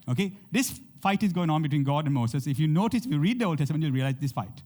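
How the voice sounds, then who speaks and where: A man's voice: on the high side, animated, fast talker, hardly any pauses, warm tone. A man preaching a sermon to a congregation, reading scripture aloud and often checking in with "okay?". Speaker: pastor.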